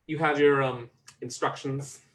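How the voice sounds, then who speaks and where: A man's voice: mid-range voice, fairly even intonation, fairly bright tone, lightly acted. A man doing a stiff, proper English butler. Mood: polite formal. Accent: put-on English. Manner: stiff, courteous, measured. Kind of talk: amateur live script reading.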